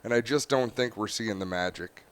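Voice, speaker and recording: A man's voice: fairly low pitch, normal speed. A man announcing at a race track, joking and bantering with his co-hosts in casual booth commentary over a headset mic.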